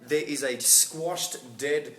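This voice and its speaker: A man's voice: mid-range voice, slow. A man with an Australian accent telling a funny personal story to friends, laughing often and acting out both sides of the conversation. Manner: animated, laughing, acts out both sides of the dialogue. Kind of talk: casual anecdote among friends. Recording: echoey room with background noise.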